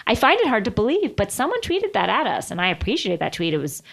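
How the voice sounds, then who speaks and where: Animated woman co-hosting a chat podcast. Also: a little high, quick pace, creaky. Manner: chatty, animated, laughs often. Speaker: podcast co-host. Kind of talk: casual chat.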